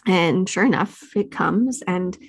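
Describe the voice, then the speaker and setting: A woman as a parenting expert guest in a casual podcast interview, telling stories with lively quoted dialogue and frequent laughter. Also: on the low side, slow pace, slightly rough, no room sound, clean studio sound. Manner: animated storytelling, acts out parent and child quotes, laughs often.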